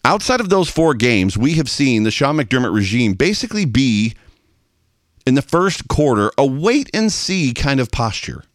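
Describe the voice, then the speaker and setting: A man's voice: medium pitch, normal speed, dry recording, studio quality. A man hosting a sports talk show, delivering an exasperated fan's monologue. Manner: animated, exasperated fan ranting. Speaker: podcast host.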